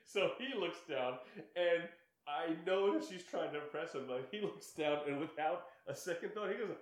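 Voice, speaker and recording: A middle-aged man chatting casually as a podcast co-host, animated and quick to laugh. His voice sits a little high. The room around him rings with echo. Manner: animated storyteller, laughs often, voices others in quotes. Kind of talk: casual chat, storytelling. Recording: echoey room.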